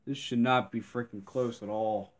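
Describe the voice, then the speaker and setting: A man's voice: mid-range voice, steady tone, normal speed. A man giving live gameplay commentary, grumbling and complaining in frustration with mild cursing throughout.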